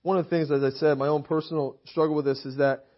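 A fast-talking young to middle-aged man with a high-ish, level voice preaches with emphasis, reading scripture aloud and frequently checking in with the congregation. His manner is rhetorical, and he keeps throwing out "right?" The dull, lo-fi recording was made in a church meeting hall.

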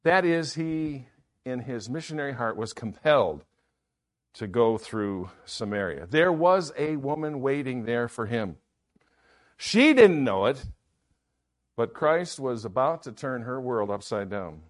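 A man's voice: medium pitch, big pitch swings, a little slow. A man preaching a sermon in an earnest manner, often repeating key phrases.

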